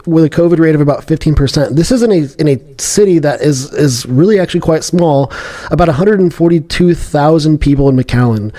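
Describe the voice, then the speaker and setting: A man's voice: fairly high pitch, warm tone. Chatty man co-hosting a news podcast. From Texas. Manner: chatty, many fillers and restarts. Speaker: podcast co-host. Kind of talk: casual news chat.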